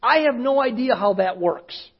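A pastor with a fairly high, husky voice tells a story from the pulpit, casual and conversational, often sinking to a near hush. The recording sounds dull and lo-fi. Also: male voice, lively intonation, normal speed. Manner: conversational, often dropping to a hushed voice. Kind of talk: sermon storytelling.

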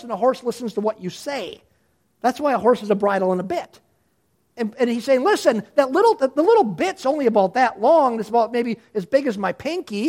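Lively, high-voiced male pastor preaching. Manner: lively, conversational preaching with frequent restarts. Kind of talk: sermon.

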